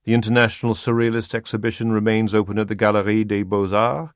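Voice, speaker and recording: A formal announcer on an ocean liner, voiced by a male audiobook narrator. The voice is low and dry, reading notices in an even, official manner. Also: quick pace, no room sound, close to an everyday voice.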